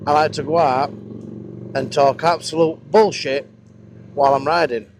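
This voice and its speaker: With a voice on the high side, a steady tone and a moderate pace, a man in his thirties with a Northern English accent rides his motorcycle and rambles through stories, swearing along the way. It's casual motovlog chat, and his helmet-mounted action cam mic picks up wind and engine noise.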